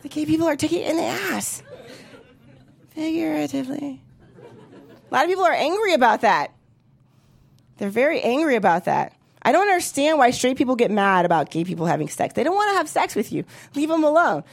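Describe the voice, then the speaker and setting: High-pitched woman in her 30s doing stand-up, blunt and swears a lot. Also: big pitch swings, brisk, vocal fry, pauses often. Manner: blunt, profane, punchy delivery. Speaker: stand-up comedian. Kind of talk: stand-up comedy set.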